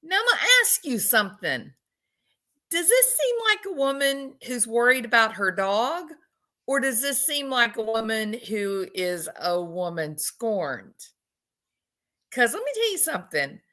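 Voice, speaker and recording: A woman's voice: on the high side, expressive, unhurried, sharp tone. A woman giving casual, chatty commentary on a video clip and often asking her viewers questions. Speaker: commentator analyzing body language.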